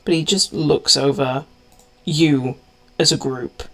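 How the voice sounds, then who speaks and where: A woman narrating as game master in a tabletop game, describing scenes deliberately. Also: extremely low pitch, steady tone, gravelly.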